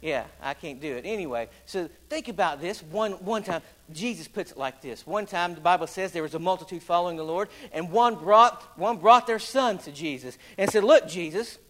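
A man preaching a sermon, folksy and dramatic, swinging between booming declarations and hushed, self-deprecating asides. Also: animated, brisk, hardly any pauses. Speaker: pastor.

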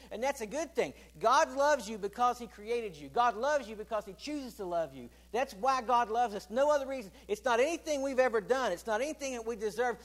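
A man preaching a sermon with a notably high voice. He swings from loud, emphatic declarations down to hushed, low asides, and keeps putting questions to the congregation and calling for answers. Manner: asks the congregation questions and calls for responses.

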